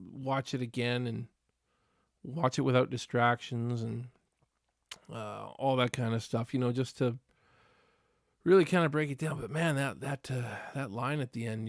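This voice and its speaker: A man's voice: medium pitch, gravelly, no room sound, studio quality. Easygoing man hosting a live stream. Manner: rambling, easygoing, chatty with many restarts. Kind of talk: casual live stream reaction chat.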